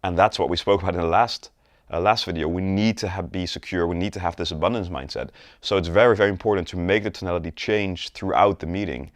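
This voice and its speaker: A man with a very low voice teaches sales in an instructional video, recorded close and dry with no room sound. He demonstrates rising, flat and falling tones in his examples. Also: fast talker, no room sound. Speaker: sales coach.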